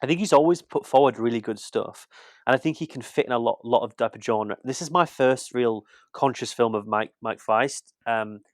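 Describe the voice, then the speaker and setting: A man's voice: mid-range voice, normal speed, dry recording, clean studio sound. A British man in casual podcast chat, rambling and restarting his sentences as he talks about film. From Britain. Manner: rambling, repeats words and restarts. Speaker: podcast co-host, film critic.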